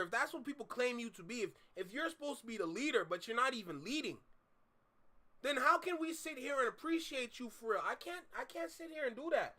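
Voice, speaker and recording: A man's voice: very high voice, bright, forceful tone. A man hosting a reaction video, ranting heatedly and swearing as he reacts. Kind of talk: casual reaction commentary.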